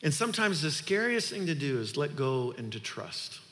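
A man's voice: a little high, big pitch swings, normal speed, fairly bright tone, in a large hall. A male pastor preaching a sermon in an earnest, conversational way, building to emphatic points.

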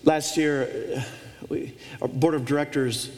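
A man's voice: on the high side, fairly even intonation, unhurried, a little mellow. Preaching man in an echoing church hall. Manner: emphatic preaching with repeated phrases and restarts. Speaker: pastor. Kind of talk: sermon. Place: church auditorium. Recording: long reverb of a large hall.

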